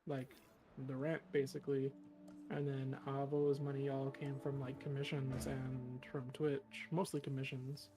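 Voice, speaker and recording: A mid-pitched co-host chatting casually on a game stream, rambling along through many "like"s and "um"s and swearing offhandedly. Faint music sits behind the voice. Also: flat delivery, unhurried. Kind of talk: casual chat.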